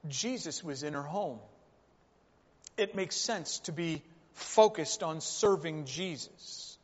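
A man's voice: fairly high pitch, expressive, takes it slowly. A man preaching a sermon, working through rhetorical questions and repeated phrases. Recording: reverberant hall, dull lo-fi sound.

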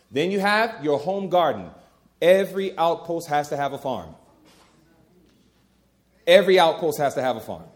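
A middle-aged man preaches a sermon in an emphatic, folksy manner, repeating key phrases and calling the crowd "y'all." His voice is high-pitched.

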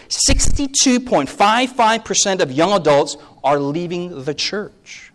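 Animated man preaching a sermon. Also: on the high side. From USA. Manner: animated, joking asides. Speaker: pastor.

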